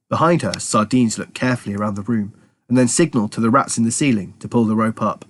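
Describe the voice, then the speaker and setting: A man reading a children's story aloud in a lively, expressive way. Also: lowish voice, fast, no room sound.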